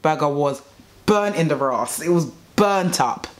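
A woman's voice: low-pitched, animated, a little slow. A young woman telling a rambling, exasperated story about a bad restaurant meal in a casual vlog. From England. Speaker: vlogger.

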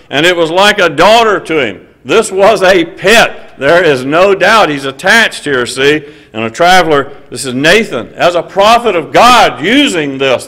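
Emphatic preacher, man with raised pitch. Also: sharp tone, poor audio. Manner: emphatic, hesitant "uh" fillers, banter with the audience. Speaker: preacher at a lectureship. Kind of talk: conversational sermon with scripture reading.

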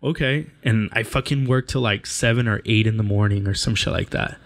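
A man's voice: fairly low pitch, brisk. A man co-hosting a casual podcast, rambling through a story with plenty of swearing. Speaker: podcast co-host. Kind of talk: casual chat. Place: small home studio room.

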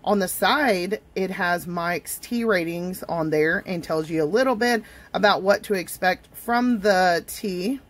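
A woman's voice: lowish voice, a little slow, hardly any pauses. A woman chatting casually at her home desk in a tea review vlog, gushing and talking straight to her viewers. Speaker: tea vlogger.

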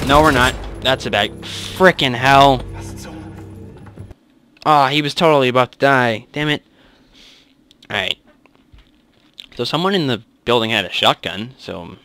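A young man commenting on his own gameplay, excitable, swearing and muttering asides. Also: medium pitch. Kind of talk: let's play commentary.

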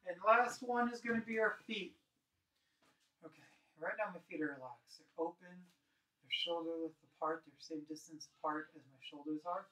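A woman's voice: lowish voice, fairly quick, fairly bright tone. A woman teacher guiding students through breathing and muscle exercises, counting aloud and encouraging them. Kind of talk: guided mindfulness exercise for students. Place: home room during school shutdown. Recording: echoey room, voice far from mic.

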